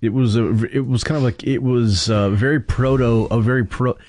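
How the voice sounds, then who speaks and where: A man hosting a casual podcast, talking haltingly with many restarts. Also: mid-range voice, fairly even intonation, a little mellow, no room sound. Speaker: podcast host. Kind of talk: casual chat.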